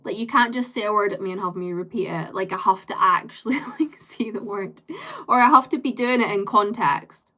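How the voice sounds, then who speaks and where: A woman's voice: mid-range voice, brisk, bright, forceful tone. A woman live streamer chatting with her viewers in a loose, rambling way. She strings thoughts together with constant fillers and drops casual swear words.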